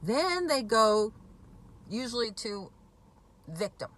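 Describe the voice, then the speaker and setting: A woman's voice: on the high side, big pitch swings, slow pace, a bit bright. A woman in recovery from alcoholism talking bluntly and emphatically to camera, swearing freely. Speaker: recovering alcoholic speaking on addiction. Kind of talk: direct-to-camera talk.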